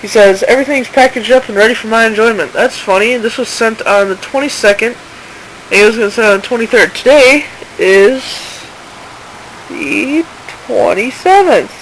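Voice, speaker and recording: A woman's voice: fairly high pitch, normal speed, a little hiss or hum, low-quality recording. Indignant woman narrating a screen recording. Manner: informal, indignant, reads messages aloud. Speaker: channel owner exposing a seller. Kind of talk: casual screen-recording commentary.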